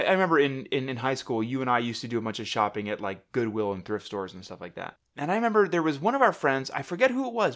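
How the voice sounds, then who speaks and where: A man's voice: medium pitch, a bit bright. A young man co-hosting a casual chat, rambling and joking with lots of fillers and restarts. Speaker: podcast co-host.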